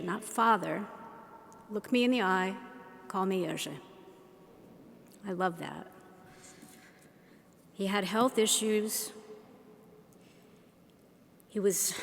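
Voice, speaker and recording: Woman giving a talk slowly, teacherly, asks the crowd stuff, long echo in a big hall. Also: on the low side. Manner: unhurried, teacherly, asks the audience questions. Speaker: speaker. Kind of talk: public talk to an audience. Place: large shrine hall.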